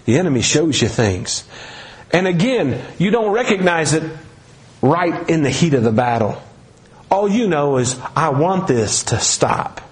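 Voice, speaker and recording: Conversational preacher man, slightly high voice. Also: sing-song, normal speed. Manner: conversational, joking, storytelling. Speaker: pastor. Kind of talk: sermon.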